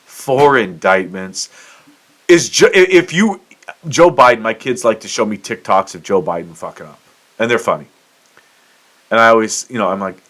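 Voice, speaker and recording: A man's voice: fairly low pitch, a bit bright. A middle-aged man from the United States hosting his own show, ranting in casual commentary with swearing and self-mocking outbursts. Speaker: podcast host.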